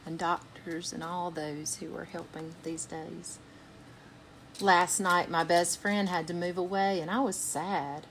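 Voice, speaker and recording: A woman reads a children's picture book aloud in a slow, unhurried way, with a fairly low voice. She is gentle and stops to put soft questions to young listeners. A faint hiss of noise sits under the recording. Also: little pitch movement. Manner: gentle, asks listeners questions between passages. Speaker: children's storytime reader.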